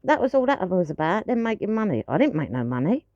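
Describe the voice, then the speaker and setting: A woman's voice: mid-range voice, sing-song, fast, darkish tone, no echo, highs cut off. A woman ranting to camera in a blunt, frustrated way, swearing freely. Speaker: pet owner vlogger.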